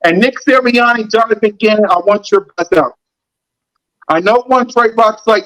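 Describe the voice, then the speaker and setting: In a heated sports podcast rant, a male host fired up about football hammers the same points over and over in a blunt, repetitive way. His voice sits high and fairly bright at a normal speed, and the recording is rough.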